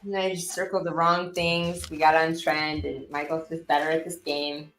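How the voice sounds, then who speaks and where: A woman, a podcast panelist, chatting in quick bursts about a game. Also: deep voice, level tone, a bit bright, soft background music. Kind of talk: casual podcast banter. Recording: roomy echo.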